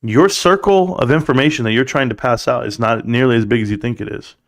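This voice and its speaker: A man hosting a live stream, giving a preachy, animated pep talk and reading chat comments aloud. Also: medium pitch, fairly quick. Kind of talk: casual live stream monologue.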